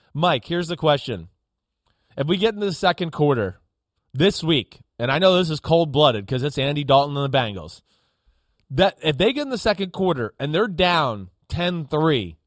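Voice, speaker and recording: A man's voice: on the high side, fairly bright tone, no room sound. A man working as a football analyst on a studio sports talk show, talking emphatically and acting out players' reactions.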